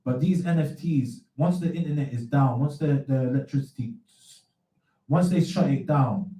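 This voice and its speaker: A man's voice: medium pitch, moderate pace, mellow, roomy sound, far from the mic, low-quality recording. A man hosting a radio show in a casual, rambling way, full of slang and repeated words. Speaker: radio host.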